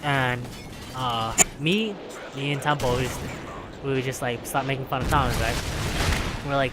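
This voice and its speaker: A man's voice: on the high side, lively intonation, moderate pace. A young man telling a casual story, rambling and filling it with "like" and "right?", with music behind. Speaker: vlogger.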